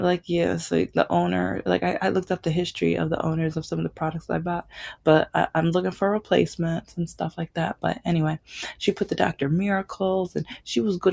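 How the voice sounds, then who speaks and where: A woman's voice: fairly low pitch, creaky, darkish tone. A woman vlogging in a casual, rambling monologue full of fillers and restarts.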